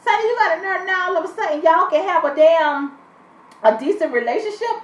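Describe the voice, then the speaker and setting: A high-pitched woman delivers a casual, blunt recap of a reality show episode. She swears constantly and talks with a sassy edge. Her voice comes from a distance in an echoey room, and it sounds muffled. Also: expressive, brisk. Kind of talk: casual profane episode review.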